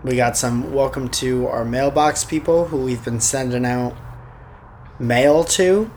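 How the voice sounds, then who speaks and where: Dude cohosting a podcast, teasing and joking around, bit of faint hiss behind. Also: male voice, medium pitch, measured pace, a little mellow. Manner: jokey, teasing, playful wordplay. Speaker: podcast co-host. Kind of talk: casual chat.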